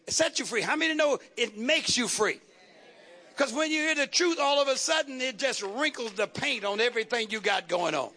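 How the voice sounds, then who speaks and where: A preaching man with a very high, bright and forceful voice. He drives his sermon with rhythmic repeated phrases and keeps calling out questions to the congregation. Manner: call-and-response preaching, repetitive rhythmic phrases. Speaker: pastor.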